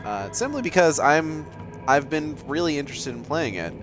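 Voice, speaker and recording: A man from Massachusetts with a mild accent jokes and swears his way through casual gameplay commentary, talking back at the game. His pitch swings up and down a lot. Soft game music plays faintly under his voice. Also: animated, moderate pace. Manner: jokey and profane, talks back at the game. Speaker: let's play host.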